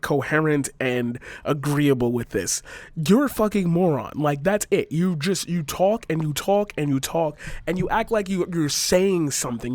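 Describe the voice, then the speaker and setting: A man's voice: on the high side, no echo. Exasperated young man ranting. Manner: exasperated, profane, sarcastic. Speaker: vlogger. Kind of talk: frustrated opinion rant to camera.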